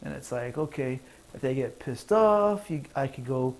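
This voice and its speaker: A man's voice: expressive, moderate pace, few pauses, low-quality recording. Guy rambling thru his own jokes on stream, laughs at them himself, home setup. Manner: rambling, laughs at own jokes, puts on squeaky voices for callers. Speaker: comedian streamer. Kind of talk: casual stand-up rambling to camera.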